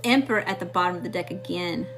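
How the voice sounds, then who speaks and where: A woman's voice: on the low side, fast, faint music behind. Sassy Mississippi woman reading tarot. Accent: Mississippi Southern US. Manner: sassy, blunt, profane, animated. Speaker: tarot reader. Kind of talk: casual tarot reading to viewers.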